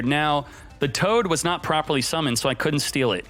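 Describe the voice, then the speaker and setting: A man streaming a card game, giving excited, jokey commentary and talking to himself as he plays. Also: on the high side, moderate pace, soft background music. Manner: hyped, jokey, talks to himself while playing. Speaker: gaming streamer.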